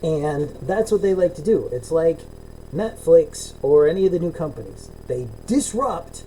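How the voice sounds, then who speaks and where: A middle-aged man venting on a video call podcast, swearing freely and acting out his exchanges with others. His voice is very dark and mellow, with a faint hiss of background noise behind it. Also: fairly high pitch, expressive, a little slow, rough recording. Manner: ranting, swears a lot, acts out both sides of calls. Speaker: podcast co-host. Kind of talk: casual profane chat.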